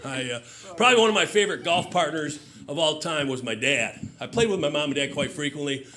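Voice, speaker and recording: A man's voice: fairly high pitch, lively intonation, brisk, pushed and bright. A man telling a stand-up story on stage, loose and chatty, with fillers and audience laughter. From Michigan. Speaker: stand-up comedian.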